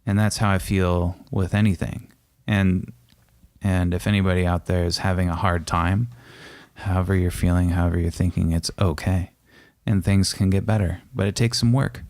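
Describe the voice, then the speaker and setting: A man co-hosting a casual couple's podcast, talking earnestly and calmly reassuring. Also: deep voice, normal speed, no room sound. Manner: earnest and reassuring, calm coaching tone. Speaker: podcast co-host.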